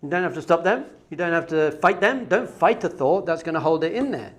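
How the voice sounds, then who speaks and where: A man teaching a Torah class as a rabbi, animated and conversational, full of rhetorical questions. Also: fairly high pitch, brisk.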